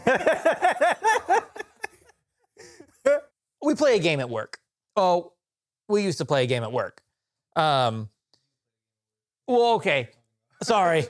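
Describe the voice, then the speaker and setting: Animated laughing man telling stories. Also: high voice, slow pace, long pauses. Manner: animated, laughing storyteller with frequent restarts. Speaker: podcast co-host. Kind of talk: casual storytelling chat. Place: podcast recording room.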